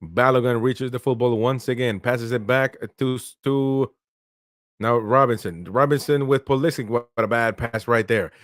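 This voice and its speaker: A man's voice: mid-range voice, moderate pace, no echo, studio quality. A man hosting a live football watchalong, calling the play casually and answering viewers' chat. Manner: casual play-by-play, talks to viewers, laughs often. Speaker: watchalong host. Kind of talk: live match commentary and chat reading.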